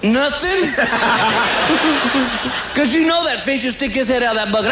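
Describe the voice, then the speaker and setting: A man's voice: very high-pitched, slow, long pauses, reverberant, a loud crowd, very noisy. A man doing a stand-up comedy bit in a drawling, folksy storytelling manner, recorded live at a comedy club. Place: comedy club with laughing audience.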